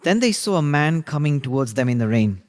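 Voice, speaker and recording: A man teaching a religious class, retelling a biography in a relaxed, conversational way with frequent asides. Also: fairly high pitch, fairly quick, in a large hall. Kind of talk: storytelling lesson.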